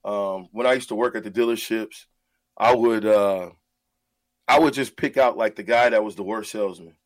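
A man's voice: on the low side, moderate pace, dry recording. A man who is a radio show host, talking in an earnest, heartfelt way about mentoring and often repeating his words as he goes.

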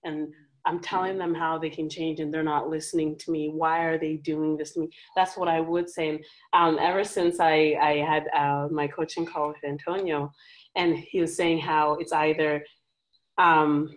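A woman's voice: low-pitched, little pitch movement, moderate pace, poor audio. A woman in a coaching group sharing a personal story candidly, searching for words with many fillers. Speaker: coaching client.

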